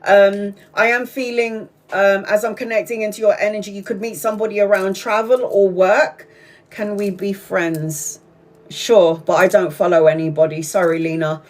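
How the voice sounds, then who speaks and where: A woman doing a casual live-stream tarot reading, chatty and excitable, swearing freely and calling her viewers sweetheart. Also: medium pitch, moderate pace. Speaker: tarot reader.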